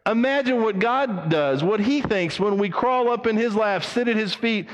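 A man preaching a sermon as a pastor, emphatic, his voice swinging between raised and hushed passages. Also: sits high, lively intonation, moderate pace, in a large hall.

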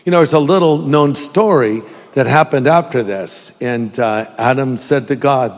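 A man's voice: mid-range voice, moderate pace, hardly any pauses, in a large hall. A male pastor giving a humorous, conversational sermon.

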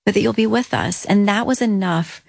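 A woman's voice: medium pitch, moderate pace, vocal fry, darkish tone, no room sound. A middle-aged woman as an interview guest, telling an earnest personal faith story and acting out her own prayers.

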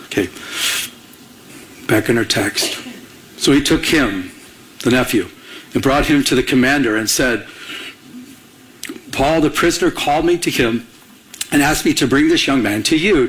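A man's voice: medium pitch, fairly bright tone. A man preaching a conversational sermon, asking the congregation to fill in words and acting out the people in his stories. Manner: conversational preaching with call-and-response questions; acts out characters in anecdotes with a raised voice. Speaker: pastor.

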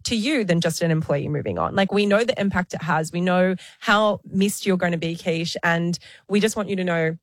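A woman's voice: fairly low pitch, normal speed, hardly any pauses, no echo, studio quality. A woman podcast co-host speaking sincerely and earnestly in a heartfelt tribute.

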